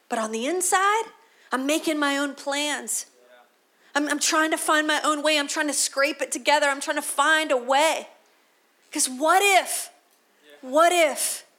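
High-voiced woman pastor preaching. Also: pushed and bright. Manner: conversational preaching with repeated restarts. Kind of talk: sermon.

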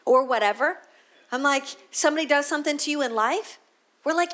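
A woman's voice: high voice, fairly quick, a bit bright. A woman pastor giving a conversational sermon, often restarting her sentences. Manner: conversational preaching with repeated restarts.

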